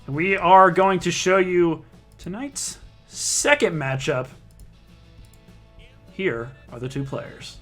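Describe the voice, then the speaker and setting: A man's voice: sits high, lively intonation, slow, long pauses, a bit bright, soft background music. A man hosting a live online darts broadcast, introducing players and standings in a casual, joking way and often correcting himself mid-sentence. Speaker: league broadcast host.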